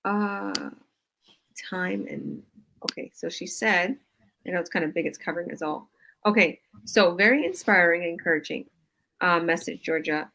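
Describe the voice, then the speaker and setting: Woman business coach hosting a live stream, bright forceful voice, a bit low, gushing. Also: normal speed, vocal fry, poor audio. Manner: effusive, enthusiastic praise. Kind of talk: casual live-stream chat.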